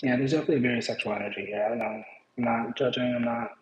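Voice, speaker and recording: A man's voice: mid-range voice, steady tone, rapid-fire, highs cut off. A man giving a casual tarot reading, rambling and playful, often breaking off mid-thought. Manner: rambling, playful, self-interrupting. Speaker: tarot reader. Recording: echoey room with faint background noise.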